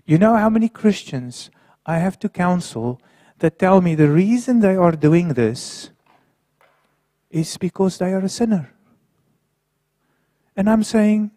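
A man preaching a sermon who swings between quiet, low passages and raised, emphatic ones. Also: expressive, unhurried, long pauses, no echo, studio quality.

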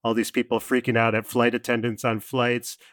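A man's voice: mid-range voice, monotone, brisk, a bit bright, dry recording, clean studio sound. A man co-hosting a podcast in casual chat, giving reflective opinions. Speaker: podcast co-host.

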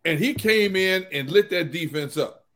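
A man co-hosting a sports talk show, teasing his co-hosts in a playful, animated way. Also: high voice, normal speed. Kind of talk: casual sports chat.

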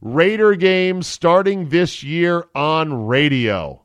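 Erkek podcast sunucusu, kuru ses. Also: male voice, fairly high pitch, lively intonation, slow pace, no room sound, highs cut off. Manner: laughs easily, teasing. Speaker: podcast host. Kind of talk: casual sports chat.

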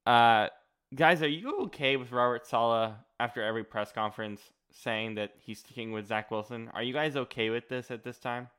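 Man, sports podcast co-host, emphatic, rambling, smooth resonant voice. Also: medium pitch, a bit bright. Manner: emphatic, rambling, quick to joke. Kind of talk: casual sports chat.

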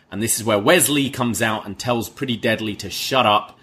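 A man's voice: fairly low pitch, moderate pace, hardly any pauses, pushed and bright, husky. A man, co-hosting a podcast and giving a casual recap of a wrestling show. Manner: recaps the show, acting out quoted lines. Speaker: podcast co-host.

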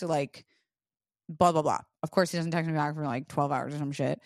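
A woman's voice: deep voice, fairly even intonation, normal speed, no echo, studio quality. A woman podcast host telling a personal story in casual chat, frank and profane, full of "like".

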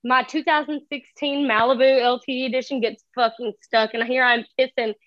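Casting: high-pitched woman, animated and profane storyteller, dry dull recording. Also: fairly quick, no room sound. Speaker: guest telling a story. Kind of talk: casual storytelling chat.

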